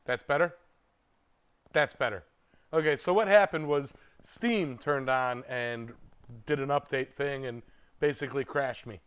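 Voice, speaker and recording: A man's voice: mid-range voice, measured pace, clear, resonant tone. A man hosting a blacksmithing livestream, chatting in a laid-back way with his viewers from his forge. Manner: laid-back, chuckling, talks to chat. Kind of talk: casual livestream chat.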